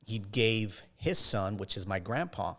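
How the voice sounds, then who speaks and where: A man, a podcast guest, telling his life story in a casual, halting way with frequent restarts. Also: on the low side, expressive, pushed and bright.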